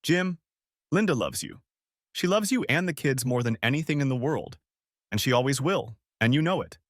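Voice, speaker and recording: A man voicing a calm woman who speaks softly but firmly, in a story audiobook. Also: mid-range voice, normal speed, no echo, clean studio sound, pitched above the performer's own voice, lightly acted. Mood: soothing. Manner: soft but firm, soothing. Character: calm persuasive woman, the wife's friend. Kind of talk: audiobook character voice.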